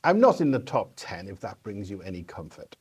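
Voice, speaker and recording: A man's voice: on the low side, big pitch swings, a little fast, a little mellow, a little hiss or hum. A man voicing a talking male viper with a British accent in a radio play, wry and teasing.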